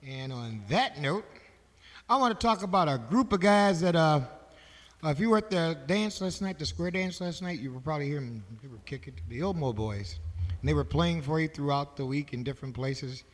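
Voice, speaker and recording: A man's voice: fairly high pitch, expressive, fairly quick, big-room sound. A man emceeing a concert, making stage announcements in a loose, joking, conversational way.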